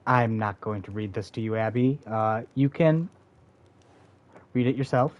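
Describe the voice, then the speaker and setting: A man streaming a game, chatting casually and offhandedly to a friend. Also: lowish voice. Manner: offhand and unhurried. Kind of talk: casual chat to a friend while playing.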